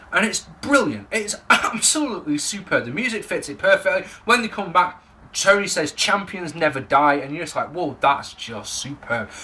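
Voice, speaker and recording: A man's voice: high voice, sharp tone. A man with an English accent giving a casual, sweary, ranting review of a wrestling show. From England.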